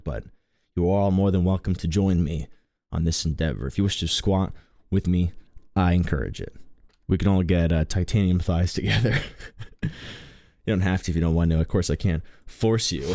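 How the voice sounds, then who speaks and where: A man's voice: sits low, moderate pace, pauses often, a little mellow, no echo, clean studio sound. A man streaming a game, chatting casually in a rambling, joking, self-mocking way. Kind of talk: casual live-stream commentary.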